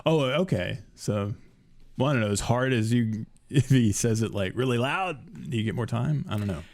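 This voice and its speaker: A man's voice: mid-range voice, animated, normal speed, creaky, a little mellow. A man co-hosting a podcast in casual chat, dry and joking, laughing often. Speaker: podcast co-host.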